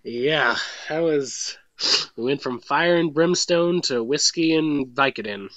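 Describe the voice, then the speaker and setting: A man's voice: a little high, takes it slowly, a bit bright, dry recording. Jokey, rambling podcast host guy. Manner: self-deprecating, jokey, rambling. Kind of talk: casual chat.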